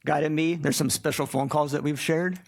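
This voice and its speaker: A man's voice: on the high side, fairly even intonation, normal speed, gravelly. A man who leads a city department, giving a sincere, plain-spoken tribute at a city council meeting.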